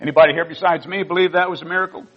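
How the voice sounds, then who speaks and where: A man's voice: on the high side, steady tone, racing, lo-fi sound. An older man, a pastor, telling personal stories in a sermon in an earnest, heartfelt way. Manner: earnest storytelling, rising emotion at key moments.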